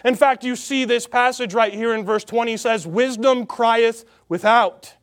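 High-voiced man preaching emphatically. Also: steady tone, a bit bright. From Salt Lake Valley, Utah. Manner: emphatic preaching with slow, drawn-out repeated phrases. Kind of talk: sermon.

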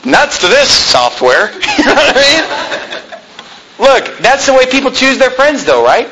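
A man preaching a sermon in a lively, joking way, acting out quoted people in a high voice. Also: a little slow, background noise. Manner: animated, jokey, acts out quoted people in a high voice.

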